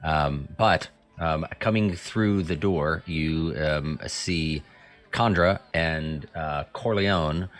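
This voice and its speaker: Low-voiced game master, halting. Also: male voice. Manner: halting, many fillers. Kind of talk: narrating a tabletop game.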